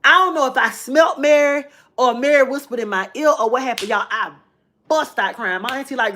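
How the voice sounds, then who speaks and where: A woman's voice: sits high, a little fast, pushed and bright. A woman, telling a personal story to her viewers in a chatty, emotional way. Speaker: vlogger.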